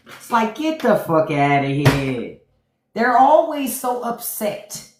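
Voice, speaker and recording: A woman's voice: mid-range voice, sing-song, slow pace, background noise. A woman hosting a livestream, talking back to the chat with profane, mocking commentary. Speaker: podcast host on a livestream. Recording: roomy echo.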